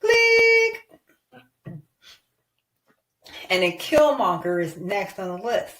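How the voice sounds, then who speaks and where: A woman narrating a playful toy story with excited cheers and sound effects. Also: on the low side, normal speed, roomy sound.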